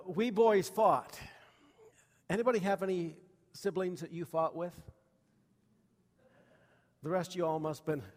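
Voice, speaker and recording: A man's voice: a little high, big-room sound. A man preaching a sermon to a congregation, telling childhood stories in a folksy way with many fillers and questions to the room. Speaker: pastor.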